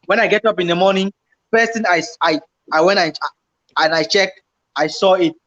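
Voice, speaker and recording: Animated man, high voice, lo-fi recording. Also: moderate pace. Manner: animated, acts out his own panicked past remarks, repeats himself. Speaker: YouTuber co-host. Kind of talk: casual storytelling chat. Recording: slightly dull lo-fi home recording.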